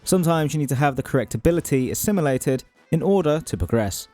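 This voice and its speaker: A man's voice: a little high, animated, fast talker, mellow, faint music behind. A man from Europe hosting a scripted video essay, narrating with wry, self-deprecating asides.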